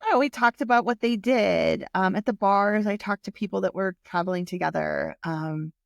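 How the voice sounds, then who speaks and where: A woman in her forties tells a personal story, candid and emotional, with plenty of swearing. Her voice has a gravelly fry at the ends of phrases. The sound is dry and close, with no room around it. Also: medium pitch, moderate pace, dry recording. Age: 40s. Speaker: vlogger.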